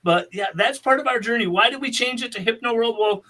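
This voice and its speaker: High bright-voiced chatty male podcast host. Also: brisk. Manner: chatty and rambling, laughs often. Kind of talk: casual podcast chat.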